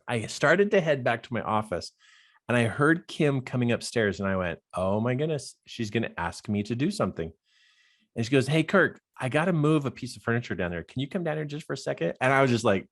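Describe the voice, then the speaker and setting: A man's voice: medium pitch, a little fast. A man, a life coach, telling a personal story with lots of laughter and acted-out dialogue. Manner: expressive, laughs often, acts out dialogue.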